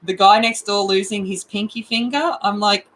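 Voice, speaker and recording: An Australian woman hosting an art livestream, chatting casually with her viewers, rambling and breaking into excited outbursts. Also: medium pitch, moderate pace, rough recording.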